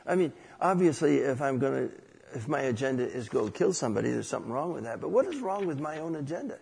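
A man's voice: fairly high pitch, animated, a little fast, gravelly, a little mellow, slightly rough, long reverb tail. A man preaching a conversational sermon, asking rhetorical questions and telling a personal story.

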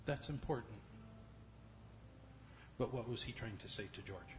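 A man leading a church service, speaking gently and pausing for quiet prayer. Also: medium pitch, in a large hall, noisy background.

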